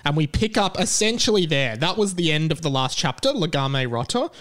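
Young guy hosting a chatty podcast, slightly high voice, keeps cracking jokes. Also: expressive, a little fast, a bit bright. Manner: joking, laughs often, explains the story. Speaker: podcast host. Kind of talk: casual podcast chat.

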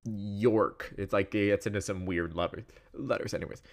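A young man in his twenties chats loosely and rambles through a story. His voice sits a little low. He uses lots of fillers and animated asides. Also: moderate pace. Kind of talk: casual chat.

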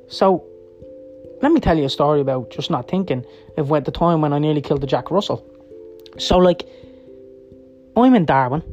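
A man's voice: on the high side, a little mellow, dull audio. A middle-aged man, telling blunt personal stories with heavy swearing, checking in with "right?" as he rambles. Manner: rapid, rambling, seeks agreement with "right?" and "yeah?". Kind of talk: personal storytelling monologue. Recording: faint music behind.

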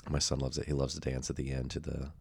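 A man's voice: extremely low pitch, flat delivery, fast, gravelly, breathy edge. A man hosting a podcast interview, talking in a reflective, rambling way as he wraps up the conversation. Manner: reflective, rambling, many fillers and restarts. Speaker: podcast host. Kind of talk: casual interview talk.

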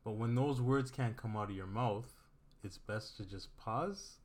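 A man in his thirties co-hosting a casual couples chat, talking in a measured, deliberate way. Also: on the low side. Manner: measured, deliberate, tags sentences with "though". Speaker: podcast co-host.

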